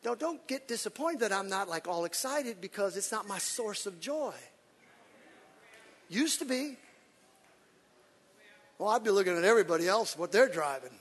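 A man preaching a sermon as pastor, animated and lively, acting out quotes with shouts and laughter. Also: sits high, normal speed, pauses often, long reverb tail.

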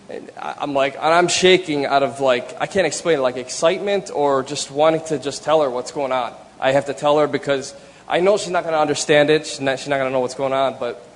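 A man telling a personal story in church, earnest and halting, often repeating his words. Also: fairly high pitch. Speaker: speaker sharing a conversion story. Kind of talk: personal testimony. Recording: long hall reverb.

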